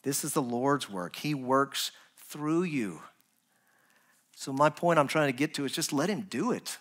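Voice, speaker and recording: A man preaching a sermon as pastor, earnest, rising to emphatic points and dropping to soft, quiet asides. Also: medium pitch, animated, measured pace. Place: church.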